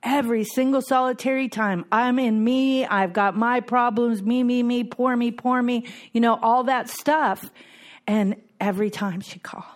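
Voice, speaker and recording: Heartfelt middle-aged woman, slightly high voice. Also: steady tone, a little slow. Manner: heartfelt, repeats key phrases for emphasis. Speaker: speaker at a recovery meeting. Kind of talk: personal talk to a group.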